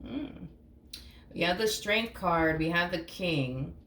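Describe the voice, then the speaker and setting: A woman's voice: fairly low pitch, animated, slow, fairly bright tone. A woman giving a casual, blunt tarot reading, swearing freely and acting out imagined reactions. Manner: acts out imagined reactions in quotes. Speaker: tarot reader. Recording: echoey room with faint hum.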